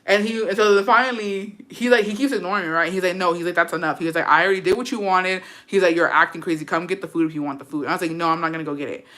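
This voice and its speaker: Young woman, bright tone, profane and animated casual storyteller who mixes in Spanish. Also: lowish voice, rapid-fire, few pauses.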